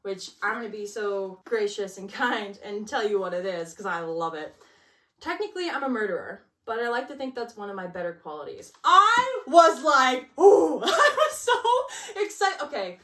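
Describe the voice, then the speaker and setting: A woman's voice: medium pitch, lively intonation, a little fast, fairly bright tone, far from the mic. A young woman chatting about her book picks, gushing and casual, filling her talk with likes and laughs. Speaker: book vlogger. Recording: echoey room, off-mic.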